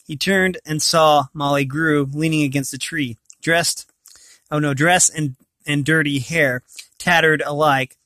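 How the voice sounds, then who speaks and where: A man's voice: a little high, steady tone, unhurried, pushed and bright, no echo. A man reading a storybook aloud, often stumbling and correcting himself mid-sentence. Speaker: reader of a novel.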